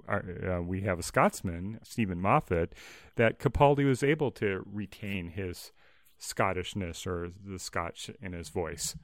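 Low-voiced man in dry podcast chat. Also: no room sound. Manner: easygoing, brief backchannels, light laughter. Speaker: podcast co-host. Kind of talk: casual chat.

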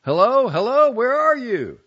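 A man's voice: on the low side, very animated, brisk, creaky, husky, heavily acted. A man voicing an old, hard-of-hearing husband who keeps calling out insistently, in a dull lo-fi recording. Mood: calling loudly. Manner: calls out loudly and repeatedly, insistent.

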